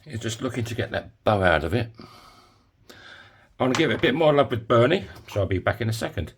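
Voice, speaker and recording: A man's voice: medium pitch, big pitch swings, brisk, background noise. A man giving a casual DIY tutorial in his home workshop, chatty and jokey with self-mocking asides. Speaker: coin ring maker.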